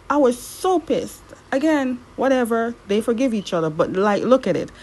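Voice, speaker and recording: A woman recapping a TV drama episode in casual commentary, animated and exasperated, her voice jumping up high when worked up. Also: moderate pace, few pauses, low-quality recording. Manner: animated, exasperated, swings up in pitch.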